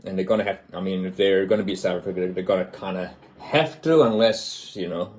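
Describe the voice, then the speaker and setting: Low-voiced man, halting rugby talk. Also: darkish tone. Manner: halting, filler-heavy, thinking aloud. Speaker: rugby commentator. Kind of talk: casual rugby preview commentary.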